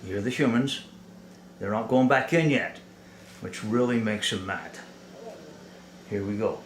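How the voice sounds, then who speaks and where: A man's voice: fairly low pitch, unhurried, slight background noise. A man giving an earnest, analytical explanatory talk as a presenter. He restarts his phrases and checks in with "right?". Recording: roomy echo.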